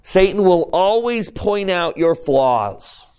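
A man teaching a scripture class who keeps asking the class questions, swinging between soft asides and emphatic rises. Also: sits high, lively intonation, slow pace, clean tone. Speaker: religious teacher.

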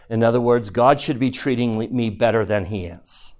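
A man's voice: medium pitch, moderate pace, few pauses, a little mellow. A man teaching a scripture class, reading verses aloud and quizzing his listeners.

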